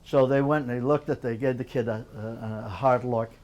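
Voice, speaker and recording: An older man, an author speaking at a public library, tells a story in an animated way and often repeats words as he builds it. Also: medium pitch, moderate pace, dull audio. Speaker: author giving a library talk. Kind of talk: storytelling lecture.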